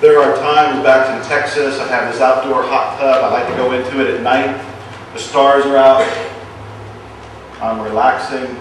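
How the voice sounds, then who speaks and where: A man giving an earnest motivational talk, slipping into hushed repetitions of his phrases. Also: medium pitch, flat delivery, moderate pace, slight background noise. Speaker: self-help speaker. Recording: very echoey room, speaker far from mic.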